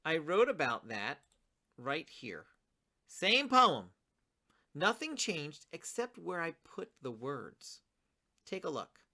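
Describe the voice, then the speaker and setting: A woman teaching a writing lesson to children, encouraging and talking straight to her students, reading her own poem slowly with a pause on each word. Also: deep voice, very animated, sharp tone. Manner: reads her poem slowly, pausing on single words; encouraging, addresses students directly.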